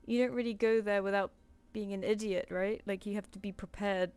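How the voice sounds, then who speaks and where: A woman's voice: mid-range voice, steady tone, a little fast, a little mellow, smooth, no echo. A young woman chatting casually on her drawing stream, laughing often and swearing lightly. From United Kingdom.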